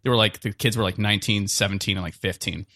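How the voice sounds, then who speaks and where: A man's voice: on the low side, fairly even intonation, fast talker, pushed and bright, dry recording. A young man telling a true story on a comedy podcast, in a rambling way, full of "like" and "uh" and laughing as he goes. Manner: rambling, lots of "like" and "uh" fillers, laughs while telling.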